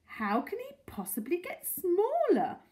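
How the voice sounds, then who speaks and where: A woman doing an excitable older lady, gushing and breathless, high squealy storybook voice. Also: a little slow, heavily acted. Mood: worried. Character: excitable doting older lady, tortoise owner.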